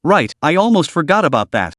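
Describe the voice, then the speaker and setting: A man's voice: a little high, very animated, fairly quick, a bit bright, dry recording, clean studio sound. A man voicing a carefree young man who jokes and banters, read in a story recap. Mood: cheerful. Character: cheerful carefree young man, playful joker.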